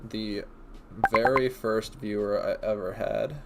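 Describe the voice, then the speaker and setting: A man's voice: fairly low pitch, steady tone, slow, gravelly, very noisy. A man streaming and chatting casually, laid-back and rambling with lots of fillers.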